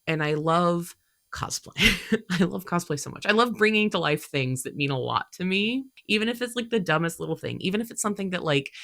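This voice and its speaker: A woman's voice: sits low, a bit bright, dry recording, studio quality. A young woman talking casually about her cosplay hobby, chatty and full of fillers, her voice congested from allergies. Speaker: cosplay creator. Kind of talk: casual vlog talk.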